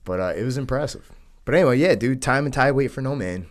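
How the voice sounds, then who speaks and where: A man's voice: mid-range voice, animated, fast. A man in his thirties from New York, hosting a casual chat and calling people dude and man. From New York, United States. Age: 30s. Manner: easygoing, says dude and man often. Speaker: podcast host.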